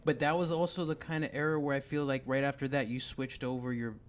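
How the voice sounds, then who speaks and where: A man guesting on his wife's podcast in a sewing studio, relaxed and conversational, recapping their business history. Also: mid-range voice, fast talker, a little hiss or hum. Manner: relaxed, recaps and backs up the host's story. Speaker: guest, host's husband. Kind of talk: casual podcast chat.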